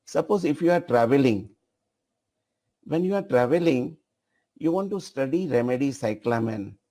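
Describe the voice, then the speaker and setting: A man giving a live software demonstration as trainer, repeating phrases and directing an assistant at the controls. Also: medium pitch, lively intonation, normal speed.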